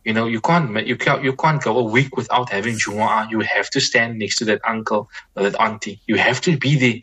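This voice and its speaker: Speaking with a fairly low pitch and a sharp, breathy-edged tone, this man is a guest Islamic scholar giving thoughtful advice. His delivery is measured, marked by repeated and restarted phrases and interjected religious expressions.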